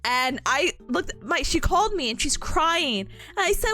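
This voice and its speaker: Soft music plays behind a young woman's very high-pitched voice as she chats at normal speed with few pauses during a streamed study session. Lively and rambling, this young adult talks casually with chat, laughing often between stories.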